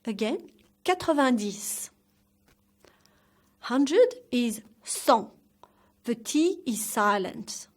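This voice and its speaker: Woman language teacher, slow and deliberate, raised voice, over-articulating for learners to repeat. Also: a little high, sing-song. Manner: enunciates each word carefully, demonstrating lip shapes. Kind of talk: slow, clear pronunciation lesson.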